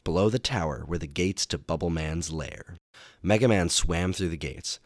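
A man with a very low voice reads a children's adventure book aloud. His storytelling is animated and dramatic, pushing up for exciting moments. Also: normal speed, no room sound, clean studio sound. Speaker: storybook reader. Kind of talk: audiobook narration for children.

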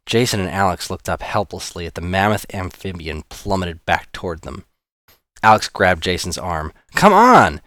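Low-voiced man narrating an audiobook. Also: steady tone, moderate pace, fairly bright tone, no echo, clean studio sound. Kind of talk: scripted narration.

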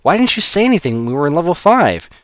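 A man's voice: fairly high pitch, sing-song, quick pace, dry recording, clean studio sound, pitched above the performer's own voice. A man voicing an earnest, intense boy hero in an audiobook. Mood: indignant. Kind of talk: audiobook character voice.

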